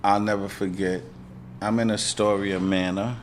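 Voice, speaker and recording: A man's voice: fairly low pitch, flat delivery, moderate pace, slight background noise. A middle-aged man with a New York accent, hosting an interview and speaking plainly and with emotion. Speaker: podcast host. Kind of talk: interview conversation.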